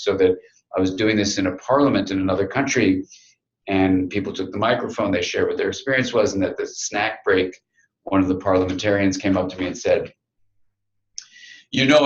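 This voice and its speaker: A middle-aged man with a very low voice gives a reflective talk to an audience, drawing out his stories with quiet pauses. The sound is roomy and a little dull, as if recorded in a hall. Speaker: speaker.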